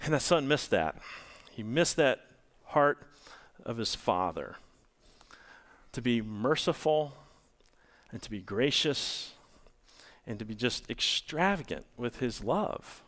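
Animated male pastor preaching. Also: medium pitch, takes it slowly, long pauses. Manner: animated, rhetorical questions to the congregation. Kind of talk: sermon.

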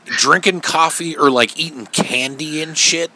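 Bright-voiced animated man. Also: on the high side, unhurried, slight background noise. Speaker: podcast co-host. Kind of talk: casual chat.

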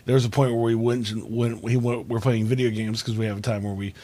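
Rambling young dad hosting a podcast. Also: male voice, mid-range voice, level tone, quick pace, warm tone. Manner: rambling storyteller, many fillers and restarts. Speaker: podcast host. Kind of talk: casual podcast chat.

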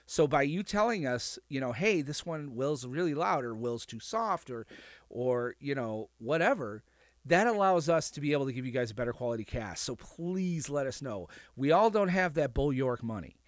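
A man's voice: medium pitch, expressive, normal speed, dry recording, studio quality. A man co-hosting a podcast, joking in a playfully brash way about being the show's heel. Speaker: podcast co-host. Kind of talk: casual podcast chat.

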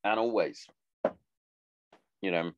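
A man's voice: deep voice, slow, clean tone, no room sound, lo-fi sound. A man in his thirties hosting a podcast, rambling casually with lots of swearing and some sentimental asides. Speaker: podcast host. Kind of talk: casual monologue.

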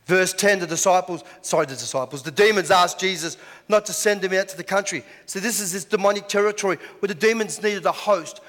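Aussie pastor guy preaching in an echoey hall, highish voice, chatty with lots of questions. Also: fairly even intonation, fairly quick, sharp tone. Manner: conversational preaching with rhetorical questions. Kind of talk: sermon.

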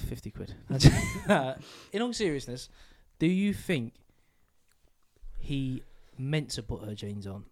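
A man's voice: mid-range voice, huge pitch swings, slow pace, pauses often, darkish tone. Man, podcast co-host, casual crude banter. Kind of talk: casual chat.

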